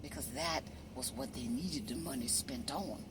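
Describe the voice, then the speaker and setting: A woman delivering an impassioned monologue, preachy and emphatic, often asking "you see?" and dropping from loud to hushed. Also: very deep voice, moderate pace, hardly any pauses, noisy background. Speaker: social media commentator.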